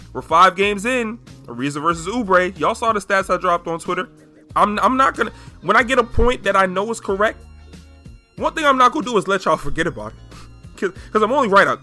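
Fired-up young man ranting on a podcast. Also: sits high. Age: 20s. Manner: emphatic, animated, repeating points for effect. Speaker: podcast host. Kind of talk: solo sports podcast rant.

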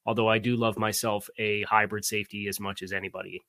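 This is a man with a Philadelphia accent co-hosting a football podcast. His voice is bright and forceful, and he talks in quick, animated bursts. The recording is dry and close to the mic. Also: on the low side, dry recording. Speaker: podcast co-host, football analyst. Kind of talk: casual sports chat.

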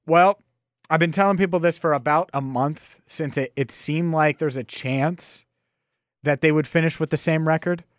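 Animated podcast host, dry close mic. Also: male voice, fairly high pitch, normal speed, dry recording. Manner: animated, nostalgic storytelling with rambling restarts. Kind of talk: casual solo sports podcast.

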